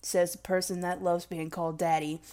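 A woman's voice: lowish voice, little pitch movement, moderate pace, dark tone. A young woman rambling casually and emotionally in a vlog, self-deprecating and swearing freely. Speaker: vlogger.

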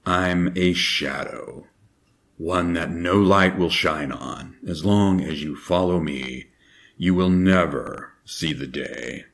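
A man doing an impression of a gruff, weary middle-aged soldier in his own deep, gravelly morning voice, with a slow, brooding delivery. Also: a bit bright, full character voice. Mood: grim. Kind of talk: character impression.

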